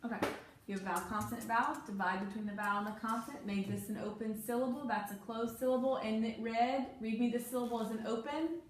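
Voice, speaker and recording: A woman's voice: on the high side, steady tone, quick pace. Patient woman tutoring phonics in an echoey room. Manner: patient, coaching, asks guiding questions. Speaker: reading tutor. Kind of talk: one-on-one phonics lesson. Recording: very echoey room, faint noise.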